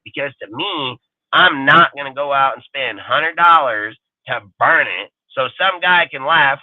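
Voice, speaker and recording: A man's voice: medium pitch, expressive, a little slow, no echo. A man hosting a fan show, ranting in a heated, profane, rambling way. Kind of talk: ranting livestream talk. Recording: tinny phone-like sound, dry.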